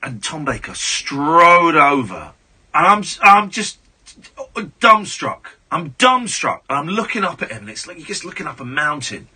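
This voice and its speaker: A radio host in his forties tells stories in a casual, gushing chat, stumbling over restarts as he goes. His voice is very bright and swings widely in pitch, with a husky grain to it. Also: fairly quick. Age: 40s. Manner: animated, gushing, full of restarts.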